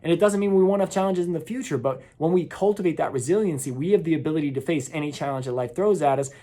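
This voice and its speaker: A man's voice: on the high side, fast talker, dark tone. A man in his thirties, hosting a motivational talk and telling a story, earnest, with small voice shifts when he quotes people. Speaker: motivational speaker.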